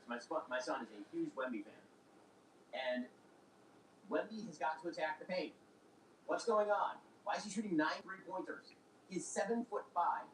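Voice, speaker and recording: A commentator ranting indignantly and firing off rhetorical questions, heard as a played clip. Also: mid-range voice. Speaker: political commentator. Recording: echoey, distant, faint background noise.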